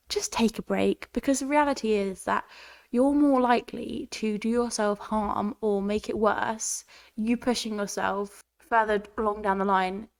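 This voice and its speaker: A woman's voice: on the high side, vocal fry, a little mellow. A young woman hosting a podcast in a chatty, rambling way, laughing often, her voice congested from a cold. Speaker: podcast host. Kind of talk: casual chat.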